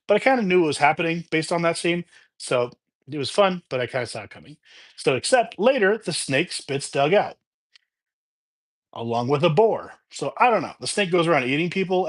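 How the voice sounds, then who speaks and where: A married man reviewing a movie in a casual, chatty way, retelling the plot with laughs and quick asides. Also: mid-range voice. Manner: chatty, animated retelling with laughs and quoted voices.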